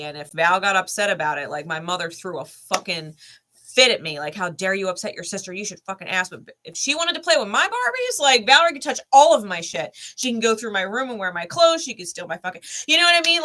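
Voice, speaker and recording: A woman's voice: medium pitch, big pitch swings, normal speed, pushed and bright. A woman in her thirties telling a personal story candidly, blunt and emphatic with heavy swearing. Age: 30s. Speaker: spiritual channel host.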